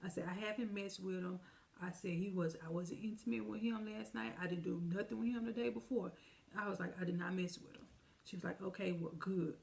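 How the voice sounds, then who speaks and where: A woman with a gravelly voice at a middle pitch, telling a personal story for a casual storytime vlog. She talks to her viewers like friends and acts out the lines of the people she is quoting. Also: fairly even intonation, fairly quick, darkish tone. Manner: chatty, addresses viewers directly; vivid retelling with quoted dialogue. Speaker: storytime vlogger.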